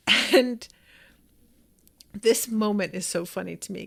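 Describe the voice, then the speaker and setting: A woman's voice: mid-range voice, slow pace, vocal fry, pauses often, a bit bright. A woman hosting a podcast, chatting enthusiastically as she reacts to an episode and reads out listener comments. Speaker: podcast host.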